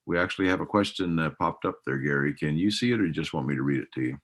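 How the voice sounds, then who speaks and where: A man's voice: very deep voice, quick pace. A man hosting and moderating an online forum webinar, talking loosely with many fillers. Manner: loose, rambling, filler-heavy. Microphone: video call.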